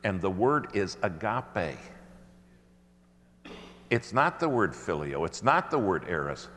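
A man preaches to a congregation in a long, ringing hall, with faint hiss under him. His voice sits fairly low but swings widely in pitch as he tells stories and acts out quotes. He leans on dramatic pauses. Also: very animated, a bit bright. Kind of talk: sermon. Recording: reverberant hall with faint noise.

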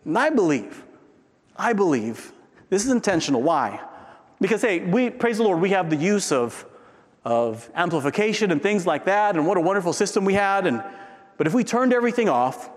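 A man preaching a sermon in a conversational way, tossing in "right?" and swinging from loud peaks down to a near-whisper. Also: a little high, expressive, normal speed, in a large hall. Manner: frequent tag question "right?". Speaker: pastor.

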